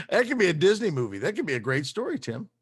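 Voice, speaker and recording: A man co-hosting a casual sports chat, upbeat and quick to laugh. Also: sits high, big pitch swings, breathy edge. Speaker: podcast co-host.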